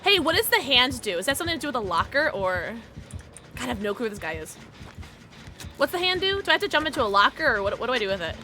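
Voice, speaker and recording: A young woman live-streaming a game, giggly and excitable, chatting with her viewers and squealing at the game. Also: on the high side, fast.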